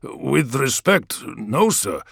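A man's voice: medium pitch, big pitch swings, takes it slowly, gravelly, a bit bright, breathy edge, no room sound, studio quality, exaggerated voice. A man reading an audiobook, voicing a deferential male soldier who stammers respectfully. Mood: nervous. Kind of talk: audiobook character voice.

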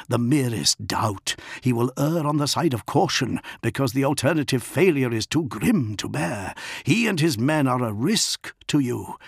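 A man's voice: mid-range voice, gravelly, husky, no room sound, clean studio sound, heavily acted. A man voicing an earnest male adviser who speaks in an urgent, pleading way.

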